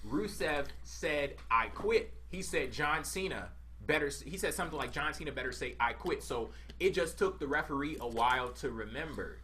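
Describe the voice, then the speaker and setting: Bright-voiced young man reviewing wrestling. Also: on the high side, moderate pace, hardly any pauses, a little hiss or hum. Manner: animated, mocking. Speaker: podcast co-host. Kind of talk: casual wrestling review chat.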